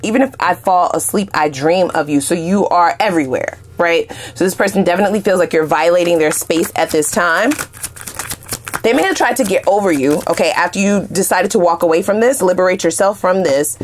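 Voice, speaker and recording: A woman's voice: lowish voice, fairly quick. A woman giving a casual tarot love reading to her viewers, chatty and emphatic, with slangy asides and repeated phrases. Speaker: tarot reader.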